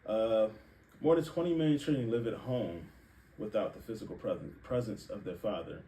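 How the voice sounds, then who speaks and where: A young man hosting a podcast, telling candid personal stories in a frank, profane, animated way. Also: fairly low pitch, moderate pace. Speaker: podcast host. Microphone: live stream setup. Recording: echoey room, distant mic, faint hiss.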